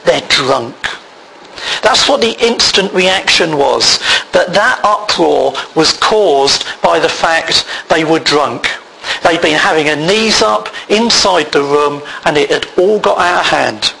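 A man preaching a sermon, reading scripture aloud in a measured way. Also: fairly high pitch, pushed and bright, rough recording. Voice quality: gravelly.

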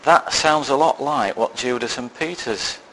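A man delivers a sermon in an easy, storytelling way, poking fun at himself with dry asides. His voice sits at an everyday middle pitch. A faint hum of the room sits under him. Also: measured pace, fairly bright tone, low-quality recording. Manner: self-deprecating storytelling with dry humour. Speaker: lay preacher.

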